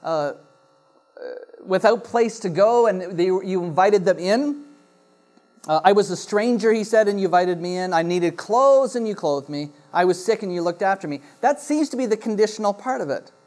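A pastor in church reads a scripture passage aloud, then explains it to the congregation in a sermon, often pausing on uh and restarting phrases. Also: medium pitch, lively intonation, darkish tone.

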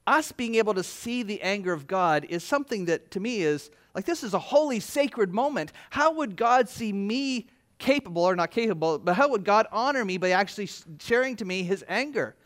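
A man preaching a sermon, retelling scripture in his own words and acting out the speakers in lively voices. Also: sits high, normal speed, hardly any pauses. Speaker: pastor.

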